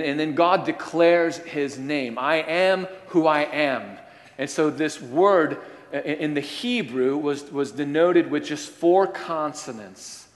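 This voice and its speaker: A man preaching a sermon, earnest and emphatic, calling his listeners friends as he explains scripture. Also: fairly high pitch. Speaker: pastor. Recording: long hall reverb.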